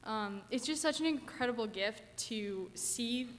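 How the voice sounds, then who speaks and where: A woman's voice: a little high, expressive, measured pace. A young woman, a camp counselor, giving a slightly nervous, self-deprecating testimony in church. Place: church sanctuary. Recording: church hall reverb with faint room noise.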